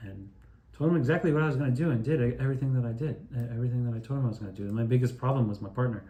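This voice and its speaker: A man telling a rambling personal story, excitable and profane, often restarting his sentences. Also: medium pitch, very fast, roomy sound. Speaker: video creator telling his own story.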